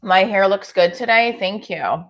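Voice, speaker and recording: A woman's voice: mid-range voice, normal speed, fairly bright tone, dull audio. Jersey lady in her 40s, casual kitchen livestream chat, reading comments and chatting back. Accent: New Jersey. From New Jersey. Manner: chatty, reads and answers comments aloud. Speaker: comedian livestreaming. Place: home kitchen.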